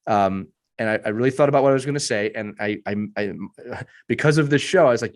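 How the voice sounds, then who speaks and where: A man in his thirties, a youth hockey coach, talking earnestly on a podcast panel with a hoarse voice and repeating points for emphasis. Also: medium pitch, quick pace.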